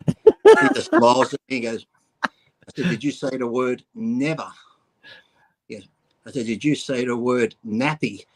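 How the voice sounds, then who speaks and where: A man's voice: medium pitch, fairly even intonation, measured pace, long pauses, rough recording. Middle-aged aussie guy, blunt crude storyteller, just chatting. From Australia. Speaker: bodybuilder co-host. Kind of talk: casual crude chat.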